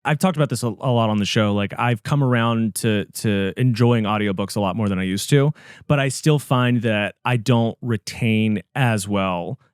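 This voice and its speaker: Male podcast host, mid-pitched, easygoing, lots of "yeah"s, dead-dry studio mic. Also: normal speed, smooth, dry recording. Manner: responsive, lots of affirming interjections. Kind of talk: casual interview chat.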